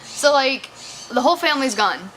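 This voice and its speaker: A woman with a bright, slightly high voice recaps a film in loose, casual chat. She swears freely and leans on "like" as she rambles through the story. Faint noise sits under the recording. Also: animated, moderate pace. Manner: chatty, profane, heavy use of "like". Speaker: movie reviewer.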